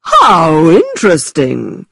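A playful, theatrical young gentleman, as a woman reads him aloud, all mock-formal politeness and teasing. His lines rise and fall with lively swings of pitch. The voice is soft and a little breathy, recorded close and dry. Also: takes it slowly, no echo, exaggerated voice. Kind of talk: storybook reading.

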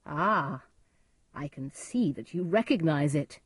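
A woman's voice: low voice, animated, slow pace, slightly rough, no echo, clean studio sound, full character voice. A woman doing a stern, righteous nobleman.

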